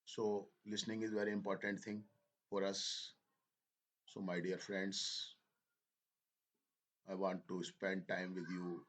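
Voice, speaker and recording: Slow-paced teacher, low voice. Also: male voice, completely flat delivery. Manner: slow, halting, repeats phrases, switches into Hindi. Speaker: English teacher. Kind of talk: slow spoken lesson.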